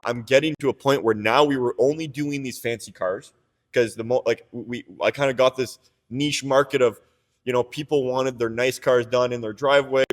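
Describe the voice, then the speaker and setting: A young man from Canada talks through his story in loose podcast chat, circling back with restarts and frank swearing. His voice sits in an ordinary middle pitch. The sound carries a long, echoing room reverb. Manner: rambling, many "like"s and restarts, candid, swears. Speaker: business owner telling his story.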